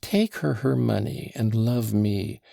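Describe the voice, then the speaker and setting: A man's voice: lowish voice, takes it slowly, vocal fry, warm tone, no echo, clean studio sound, heavily acted. A man voicing an impulsive, emotional young woman who is tipsy and pleading, in an audiobook reading. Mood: urgent. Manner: pleading, breathless.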